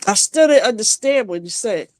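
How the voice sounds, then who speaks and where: Woman telling a painful story haltingly. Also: mid-range voice, expressive, darkish tone, no room sound. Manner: halting and emotional, with many restarts. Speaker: guest sharing a personal story. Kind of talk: emotional live-stream conversation. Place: home.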